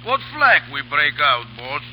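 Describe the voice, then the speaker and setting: An actor playing a loyal French pirate first mate who speaks broken English in a 1930s radio drama. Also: male voice, fairly high pitch, sing-song, measured pace, sharp tone, slight background noise, exaggerated voice, poor audio. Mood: eager.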